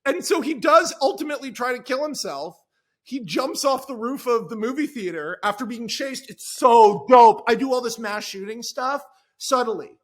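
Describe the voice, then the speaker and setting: A man with a very high, bright voice, talking casually as a podcast guest. He tells an animated, rambling story packed with asides and side comments, and his tone is sharp and forward. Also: moderate pace. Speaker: screenwriter guest.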